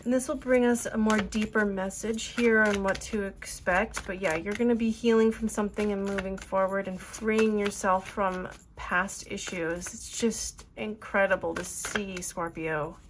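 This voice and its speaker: A woman's voice: medium pitch, fairly even intonation, unhurried, few pauses, noisy background. A woman giving an earnest, emotional tarot reading, rambling with fillers as she talks to her viewers. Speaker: tarot reader.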